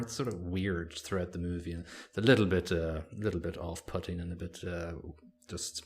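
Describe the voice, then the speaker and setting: A man's voice: low-pitched, fairly even intonation, a little fast, hardly any pauses. A man co-hosting a podcast, chatting casually and rambling with lots of fillers. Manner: rambling, hesitant, many fillers. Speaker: podcast co-host. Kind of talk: casual chat.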